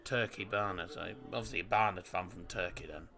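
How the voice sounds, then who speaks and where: A man's voice: sits low, brisk, vocal fry. A young man hosting a live football watchalong, reading chat and reacting to the match. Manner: excitable, rises to shouts at chances; fumbles over name pronunciations.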